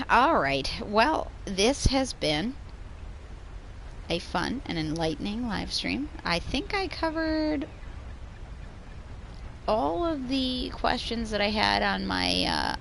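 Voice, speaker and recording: Gravelly, slow-talking woman streamer. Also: medium pitch, big pitch swings, a bit bright, a little hiss or hum. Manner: rambling, swears freely, laughs often. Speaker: livestreamer. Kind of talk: casual gaming livestream chat.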